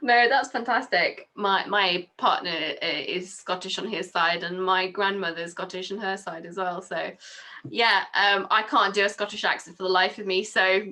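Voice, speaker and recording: A woman hosts a casual author interview, friendly and encouraging in her chatty replies. Her voice is bright and sharp, sitting at an ordinary middle pitch. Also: fairly even intonation, normal speed. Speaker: interview host.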